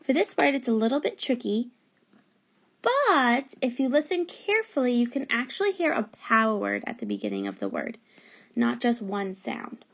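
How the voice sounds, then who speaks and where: A woman's voice: a little high, big pitch swings, normal speed, a bit bright. A woman teacher giving a remote phonics lesson to young children, patiently sounding out letters and words.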